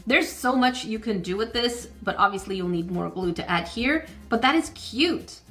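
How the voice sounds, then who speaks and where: A woman hosting her own channel, talking through a craft kit review as she works with her hands, chatty and self-encouraging, easily flustered into quick exclamations. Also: on the high side, expressive, a bit bright, soft background music.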